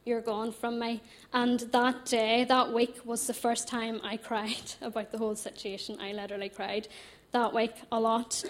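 Young Northern Irish woman, personal testimony, animated and chatty, slightly high register. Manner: animated, chatty, laughs often.

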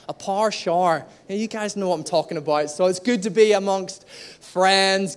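A young man from Northern Ireland, with a slightly anglicized Northern Irish accent, preaches a sermon to a church congregation, joking with them in a lively way. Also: sits high. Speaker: pastor. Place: church hall.

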